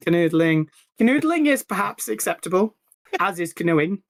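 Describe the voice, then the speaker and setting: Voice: medium pitch, very animated, moderate pace, no room sound. Giggly co-host in a dry room. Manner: giggly, playful, laughs often. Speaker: podcast co-host. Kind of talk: casual chat on a live stream.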